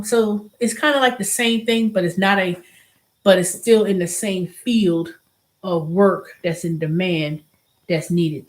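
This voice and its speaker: A middle-aged woman hosting a casual vlog, venting animatedly and often restarting and repeating herself. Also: on the low side. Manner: animated venting, acts out quoted voices. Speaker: show host.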